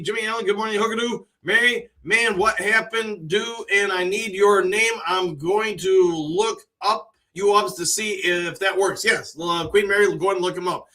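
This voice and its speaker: Bright-voiced man hosting a live chat, friendly and talkative, reads out viewer comments, a bit off the mic. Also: high voice, recorded from a distance. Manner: chatty, greets viewers by name, shares opinions. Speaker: live stream host.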